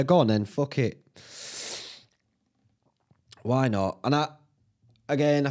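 A man with a Northern English accent, hosting a solo podcast, thinking out loud in a sweary, self-mocking way. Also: medium pitch. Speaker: podcast host. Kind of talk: rambling solo podcast chat.

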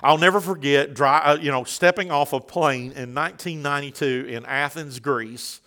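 A middle-aged man preaching a sermon in a church, folksy and joking with the congregation before building into loud, fervent preaching. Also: fairly high pitch, steady tone, normal speed. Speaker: pastor.

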